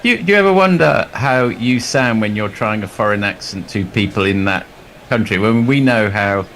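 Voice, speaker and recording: A man's voice: lowish voice, moderate pace, fairly bright tone, slight background noise. Man musing over cricket in chatty asides. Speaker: cricket co-commentator. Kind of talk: casual commentary chat.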